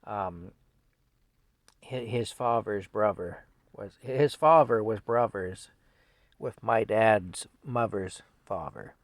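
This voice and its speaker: An older man tells an old family story in a loose, rambling, folksy way, chuckling as he goes. His voice is gravelly at a middle pitch. The sound is dry and close, with no room around it. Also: no echo, rough recording.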